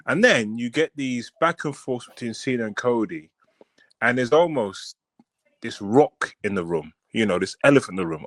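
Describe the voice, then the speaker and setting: A man co-hosting a casual wrestling podcast, telling stories with animated, acted-out quotes. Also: moderate pace, no room sound. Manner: animated storytelling, acting out quotes in high voices. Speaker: podcast co-host.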